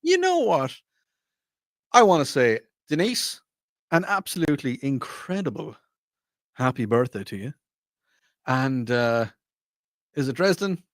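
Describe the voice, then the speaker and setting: A man's voice: mid-range voice, a little slow, pauses often, dry recording, studio quality. A middle-aged Irish man hosting a casual radio talk show, rambling and restarting his sentences. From Ireland. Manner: rambling, animated, frequent restarts. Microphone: studio microphone.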